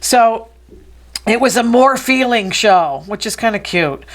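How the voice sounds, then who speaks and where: A woman hosting a casual gossip show, talking fast, chatty and opinionated. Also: fairly high pitch, expressive. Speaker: host.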